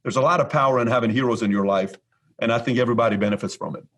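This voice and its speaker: A man in his forties from Iran, a podcast guest telling stories in an animated, repetitive way. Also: medium pitch, very fast. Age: 40s. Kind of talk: storytelling interview talk.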